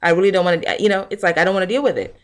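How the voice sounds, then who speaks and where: A young woman vlogger telling a casual, animated rant to her camera and acting out what people said. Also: fairly low pitch, rapid-fire. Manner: animated storytelling, acting out quotes.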